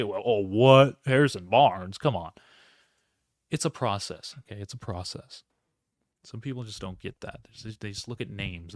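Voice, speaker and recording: A man's voice: medium pitch, dry recording, studio quality. A man hosting a live solo sports reaction stream, rambling, interrupting himself and talking to his chat. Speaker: podcast host.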